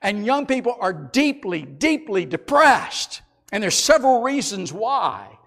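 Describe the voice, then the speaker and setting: A middle-aged man preaches and reads scripture in an animated sermon style. His voice sits high and ranges widely, rising into loud emphatic bursts, then dropping to quiet, low reading. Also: unhurried, creaky. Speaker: pastor.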